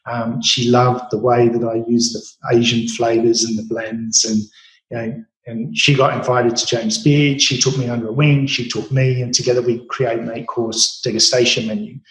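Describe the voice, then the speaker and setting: A man in his late forties with an Australian accent, telling stories about his cooking career with many fillers and restarts. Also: mid-range voice. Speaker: chef guest. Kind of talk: storytelling interview. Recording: roomy echo.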